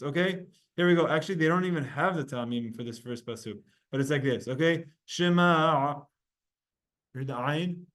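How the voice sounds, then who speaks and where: Male teacher, slightly raised pitch, relaxed and repetitive, leading a study class. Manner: casual, repetitive, explains pronunciation by example; chants verses slowly. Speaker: Torah teacher.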